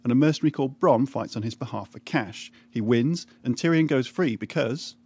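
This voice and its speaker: A man narrates a scripted comic recap. His delivery is dry and deadpan, dropping irreverent asides without pausing. His pitch sits in a plain middle range for a man. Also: slight background noise.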